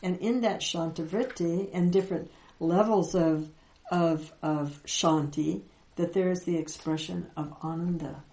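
Woman, spiritual teacher, gentle, reflective, lower pitch, echoey room. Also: steady tone. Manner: gentle, reflective, with soft laughs and pauses. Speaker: Vedanta teacher.

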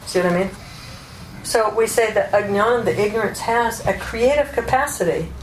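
A woman's voice: mid-range voice, moderate pace. A woman giving a spoken teaching talk as a psychologist and Vedanta teacher, explaining thoughtfully with examples and asides. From United States. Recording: echoey room, faint room noise.

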